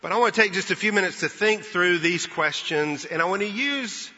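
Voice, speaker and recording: A man preaching in a church, his voice very bright and forceful, a touch higher than most. He tells the story earnestly and leans on pauses. The recording is dull and lo-fi, with a long hall reverb. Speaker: pastor. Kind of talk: Easter sermon. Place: church sanctuary.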